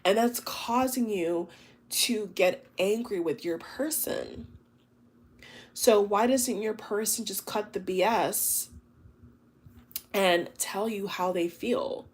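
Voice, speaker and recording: A woman's voice: medium pitch, slow, slightly rough. A woman giving a collective tarot reading to her viewers, talking in an emotive, chatty way, full of exclamations and fillers. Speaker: tarot reader.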